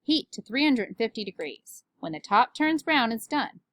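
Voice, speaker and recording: A woman's voice: a little high, very animated, normal speed, a bit bright, no echo, voice pushed up. A woman reading a storybook aloud, voicing a friendly man who explains things matter-of-factly. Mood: explaining.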